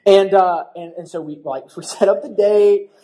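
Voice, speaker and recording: A young man preaching a church sermon, telling a story in a lively, casual way and acting out the voices of people in it. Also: high voice, moderate pace. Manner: animated storytelling with acted-out voices. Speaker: pastor.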